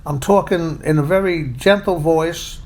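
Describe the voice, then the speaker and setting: A man's voice: fairly high pitch, measured pace, darkish tone. A man casually telling a personal story, chatty and plainspoken, poking fun at himself. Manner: chatty, plainspoken, self-deprecating.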